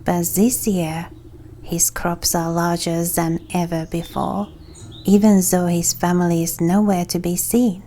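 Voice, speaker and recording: A woman's voice: on the low side, level tone, measured pace, dark tone, a little hiss or hum, close to an everyday voice. A woman voicing a hefty male gourd farmer who is competitive and suspicious, with a mild try at a rustic accent.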